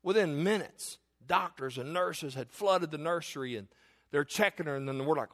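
A middle-aged male pastor telling a personal story in a sermon, earnest, rising to emphatic declarations and dropping to hushed tones. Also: on the high side, moderate pace.

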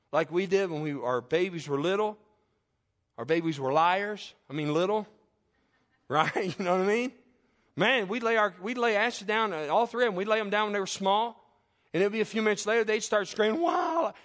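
A middle-aged male pastor preaching a sermon, telling lively family stories and then easing into a soft, hushed close. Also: high voice. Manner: animated storytelling that drops to a soft, hushed close.

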